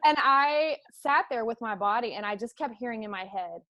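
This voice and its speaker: A woman's voice: fairly high pitch, animated, moderate pace, few pauses, bright, forceful tone, dry recording, clean studio sound. A middle-aged woman hosting a conversational interview, telling a personal story in an open, emotional way. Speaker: host.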